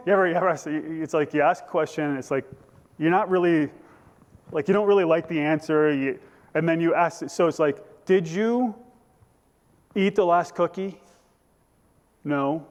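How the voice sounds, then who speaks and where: A pastor with a slightly high voice preaches a conversational, joking sermon at a normal speed, leaving long pauses and acting out voices from scripture. The church sanctuary gives the recording a hall-like reverb.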